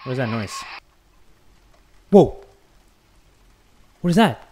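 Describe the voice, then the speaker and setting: A young man giving jumpy, joking commentary while playing a horror game at home, with loud outbursts. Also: medium pitch, very animated, takes it slowly, background noise. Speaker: gaming YouTuber.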